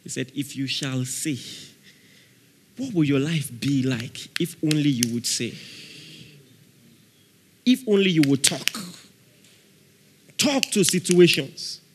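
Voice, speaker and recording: A man preaching a sermon as pastor, animated, laughing often and shouting out dramatic prayer examples. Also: on the high side, takes it slowly, pauses often, a little hiss or hum. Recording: long reverb of a large hall.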